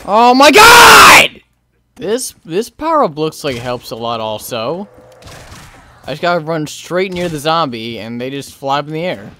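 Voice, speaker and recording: A man commentating his own gameplay, frantic, yelling, swearing at the game and talking to his viewers. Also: fairly high pitch, sing-song, normal speed, slight background noise. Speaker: gaming channel host.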